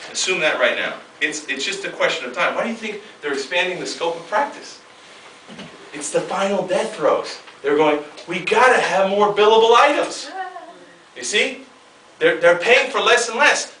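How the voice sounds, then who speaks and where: A man giving an emphatic motivational seminar talk, swinging from loud bursts to hushed asides, heard from a distance in a large hall. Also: high voice, slight background noise. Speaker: seminar speaker.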